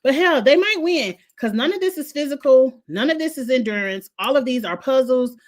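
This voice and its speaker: A woman's voice: high voice, animated, normal speed. Woman ranting about reality tv, blunt and opinionated, cusses a lot, aave. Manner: blunt, opinionated, swears freely. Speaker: host. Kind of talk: casual reality TV recap.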